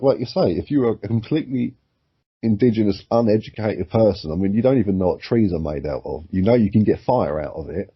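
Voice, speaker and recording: A man's voice: deep voice, slightly rough. A man co-hosting a podcast, chatting casually, rambling and swearing freely as he talks. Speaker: podcast co-host. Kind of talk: casual chat. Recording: muffled lo-fi sound.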